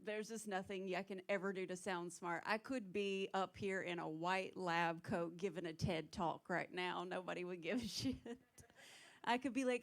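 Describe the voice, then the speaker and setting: A woman from South Carolina with a Southern accent, doing a self-mocking stand-up set and breaking into loud put-on voices. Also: a little high, normal speed, gravelly. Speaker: headlining stand-up comedian. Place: small comedy club stage.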